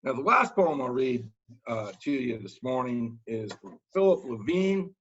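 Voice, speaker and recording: A man's voice: mid-range voice, slight background noise. Man reading and talking poems, lo-fi. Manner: relaxed, halting commentary with many fillers. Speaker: workshop leader.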